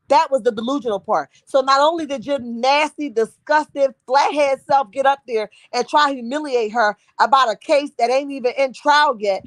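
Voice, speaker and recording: A woman hosts a casual gossip live-stream, sassy and talkative. Her voice sits high. It is recorded dry and close, with no room sound. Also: normal speed, few pauses, dry recording. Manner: sassy, calls viewers honey and boo.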